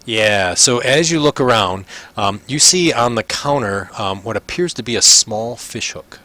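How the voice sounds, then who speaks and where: A man's voice: mid-range voice, animated, measured pace, bright, forceful tone. A man narrating a tabletop game as game master, hesitant with many fillers.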